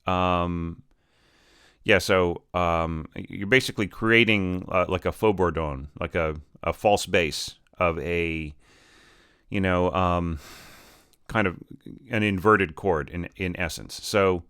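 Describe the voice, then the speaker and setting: A man's voice: sits low, slow pace, fairly bright tone, clear, resonant tone, no echo, clean studio sound. A man teaching orchestration, talking casually through student scores and scatting musical lines to show phrasing. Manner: loose and conversational with many fillers. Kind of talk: informal spoken critique of student scores.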